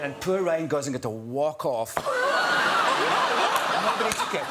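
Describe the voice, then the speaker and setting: A man's voice: high voice, brisk, heavy background noise. A middle-aged man with a Scottish accent, a talk show guest telling anecdotes in casual chat and laughing often. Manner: animated storyteller, laughs often.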